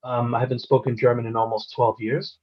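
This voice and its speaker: A man's voice: medium pitch, level tone, fairly quick. An American man earnestly telling a personal story, retelling scenes through quoted dialogue. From United States. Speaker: interviewee. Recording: dull lo-fi recording.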